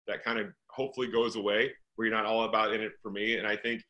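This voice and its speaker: A man's voice: fairly low pitch, level tone, quick pace, sharp tone, lo-fi sound. A middle-aged man from St. Louis, a real estate investor being interviewed, talking earnestly and piling up rhetorical questions. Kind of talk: conversational interview.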